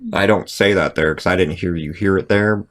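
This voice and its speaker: A deep-voiced American man hosts a casual podcast chat. He talks in a relaxed, loose way and drops in fillers as he goes. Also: brisk. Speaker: podcast host.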